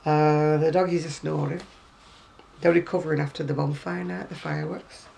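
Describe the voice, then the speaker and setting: A British crochet vlogger chats casually at home, showing off crochet magazines and rambling with wry asides. Her deep, gravelly voice has a warm tone, though her delivery is flat and her pace normal. The audio quality is poor.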